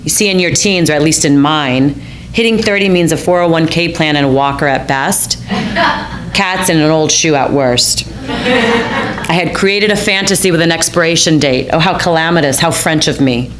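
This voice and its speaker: A woman's voice: low-pitched, lively intonation, normal speed, background noise. An American woman telling a personal story in a wry, self-mocking, theatrical manner. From United States.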